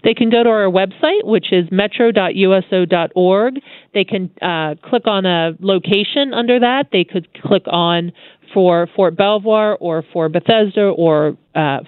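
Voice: medium pitch, measured pace, dry recording. Guest speaking over a tinny phone line. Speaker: interview guest. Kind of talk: radio interview answer.

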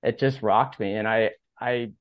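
A man's voice: fairly low pitch, fairly even intonation, measured pace, no room sound. A man, a guest on a podcast interview, telling a personal story in a casual, rambling way, full of "like" and acted-out quotes. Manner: rambling, heavy use of "like", acts out quoted dialogue. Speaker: podcast guest, pro skateboarder.

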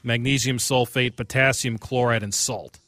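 A man's voice: medium pitch, fairly even intonation, normal speed, pushed and bright, no echo. A man, a radio producer chatting on air, hesitant with many fillers. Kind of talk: casual radio chat. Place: radio studio.

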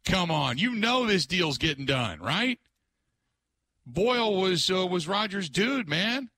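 A male sports radio host with a lively, swooping voice that stays bright and forceful. He talks in an excitable, casual way, looping back to the same stock phrases again and again. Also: sits high, takes it slowly. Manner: animated, excitable, repeats catchphrases.

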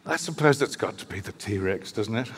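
A man's voice: fairly low pitch, animated, moderate pace, a bit bright, slight background noise. An older man from New Zealand, a guest author telling stories at a live book talk in a wry, hesitant way, with many fillers and restarts. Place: live event venue. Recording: reverberant hall.

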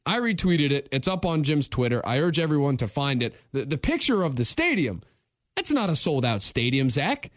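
A man's voice: fairly high pitch, big pitch swings, moderate pace, no echo, clean studio sound. A man co-hosting a sports radio show, talking in a wry, rambling, joking way. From not from the show's town. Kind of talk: casual sports radio chat.

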